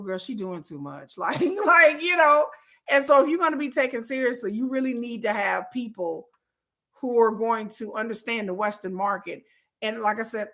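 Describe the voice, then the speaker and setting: A woman hosts a livestream and chats casually with her viewers. She laughs often, and her pitch jumps high when she gets excited.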